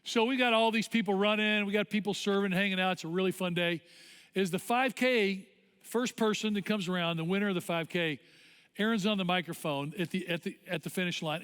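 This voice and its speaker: A male pastor with a high voice delivers his sermon like an animated story told to friends. His words linger in the long reverb of a church auditorium. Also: fairly quick, clear, resonant tone.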